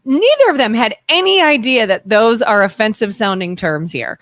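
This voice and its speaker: A woman co-hosting a casual talk radio show, telling stories in a chatty way and chiming in with quick agreement. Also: a little high, big pitch swings, fairly bright tone, dry recording, studio quality. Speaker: co-host. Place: radio studio.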